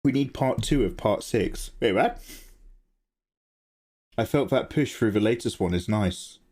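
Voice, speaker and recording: Man, casual streamer chat, lively pitch swings, excitable reactions. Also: measured pace. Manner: chatty, animated, laughs often, jumps to high pitch when excited. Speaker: art livestream host. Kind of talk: casual chat while drawing, reading chat.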